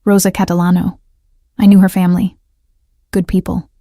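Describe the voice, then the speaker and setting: A woman voicing an older male mafia boss who questions slowly and dangerously softly, in a storybook reading. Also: fairly low pitch, little pitch movement, no room sound, studio quality, natural voice. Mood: cool, probing. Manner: slow, dangerously soft questioning.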